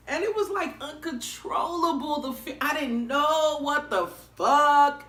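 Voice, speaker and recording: A woman vlogger telling a story in a casual, animated way, expressive and swearing freely. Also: high voice, measured pace, hardly any pauses. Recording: roomy echoey room.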